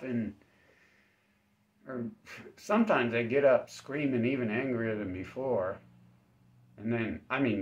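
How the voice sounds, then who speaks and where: Deadpan man rambling darkly. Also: slow pace, long pauses. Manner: acts out exchanges with sudden high-pitched voices; laughs at his own dark jokes. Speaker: self-defense channel host. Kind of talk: rambling deadpan dark-comedy monologue. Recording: slightly dull, lo-fi recording.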